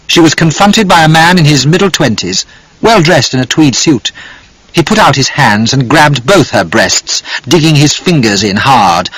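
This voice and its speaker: A man narrating an audiobook in an expressive, dramatic reading. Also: medium pitch, breathy edge, no echo, poor audio.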